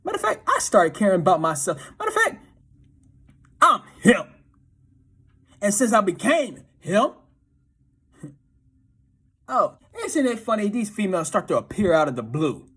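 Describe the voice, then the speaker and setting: A man's voice: sits high, wildly swooping pitch, normal speed, fairly bright tone, slightly rough. A man talking casually about dating in a profane, slangy, often laughing monologue. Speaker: dating advice commentator.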